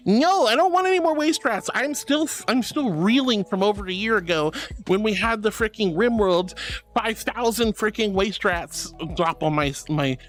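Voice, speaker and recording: A woman's voice: mid-range voice, very animated, moderate pace. Bubbly lady streamer reading chat, calls everyone honey, voice bounces all over, faint music behind. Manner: affectionate, bubbly, calls viewers sweetie and honey. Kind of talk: casual chat reading live chat.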